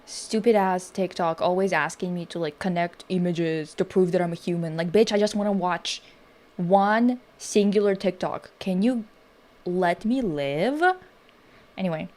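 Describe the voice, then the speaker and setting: A woman's voice: on the low side, unhurried, a little mellow. Rambling, profane woman streamer. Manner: rambling, profane, self-interrupting. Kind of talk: casual livestream commentary.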